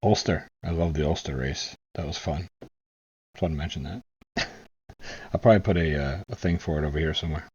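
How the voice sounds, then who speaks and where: Deep-voiced, husky American man musing. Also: brisk, darkish tone, highs cut off. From United States. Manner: musing, searching for words. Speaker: reaction video host. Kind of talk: casual commentary.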